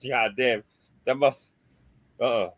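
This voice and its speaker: A man's voice: medium pitch, fairly even intonation, slow, no room sound. A man in casual chat about remote-control cars, laid-back and chatty, laughing often.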